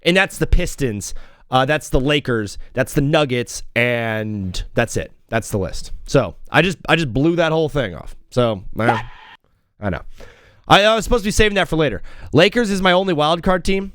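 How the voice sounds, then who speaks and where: A young man hosting a casual sports talk show, joking and shifting quickly between loud outbursts and mumbled asides. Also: a little high, animated, smooth, no echo, studio quality. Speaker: host.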